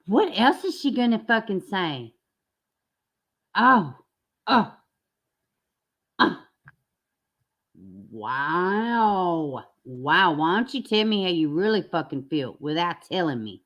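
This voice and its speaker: Foul-mouthed woman ranting with animated swings. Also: lowish voice, takes it slowly, long pauses, lo-fi sound. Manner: blunt, swearing, indignant, lively. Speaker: commentary channel host. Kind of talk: profane reaction commentary.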